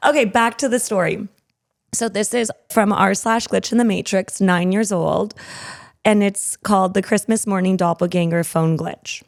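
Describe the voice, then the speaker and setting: A woman's voice: medium pitch, fairly even intonation, moderate pace, creaky, no echo, studio quality. A young adult woman from Canada hosting a podcast, chatting and laughing often, then reading a story aloud. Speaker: podcast host. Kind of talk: casual chat and reading stories aloud.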